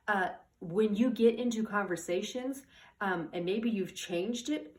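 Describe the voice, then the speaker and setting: Giving casual advice as a parenting coach, a woman rambles and restarts her sentences, often asking "okay?" or "all right?". Her mid-range voice is a little mellow.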